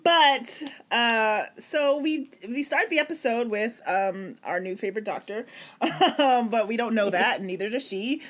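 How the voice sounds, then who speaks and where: A woman's voice: fairly high pitch, lively intonation, unhurried, fairly bright tone. A woman co-hosting a casual podcast recap, chatty with slang and frequent laughter. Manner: laughs often, uses slang. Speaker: podcast co-host.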